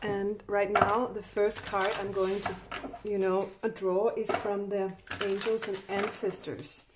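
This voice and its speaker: Slow, chatty woman reading tarot cards. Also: medium pitch, level tone, noisy background. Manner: chatty, laughs often, many fillers and restarts. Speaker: tarot card reader. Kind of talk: casual tarot reading to camera.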